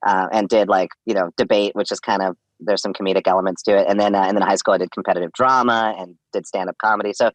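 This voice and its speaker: A man's voice: fairly low pitch, fairly even intonation, quick pace, hardly any pauses, no echo. A man, a comedian and voice actor, talking as a guest in a casual podcast interview, rambling with laughs and restarts.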